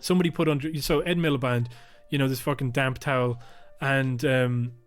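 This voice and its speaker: A man co-hosting a casual political podcast, speaking close into his microphone. He rants with plenty of swearing and slips into quick, high mocking impressions of politicians. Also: steady tone, smooth, soft background music. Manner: sweary, heated, mimics politicians with sharp pitch jumps. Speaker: podcast co-host. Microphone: podcast microphone close to mouth.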